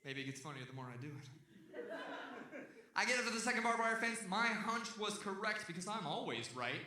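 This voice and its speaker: A young man from Texas telling a long stand-up story on stage, jumping into loud shouted voices for the people in it. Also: high voice, big pitch swings, brisk, crowd noise. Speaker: stand-up comedian. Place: comedy stage before a live audience. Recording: echoey venue heard from a distance.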